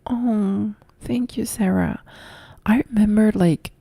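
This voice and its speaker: A young woman from Italy with an Italian accent, softly whispering as she chats and answers viewer comments in a whispered role-play live stream. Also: mid-range voice, steady tone, slow, creaky, husky. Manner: soft whispered chat reading viewer comments.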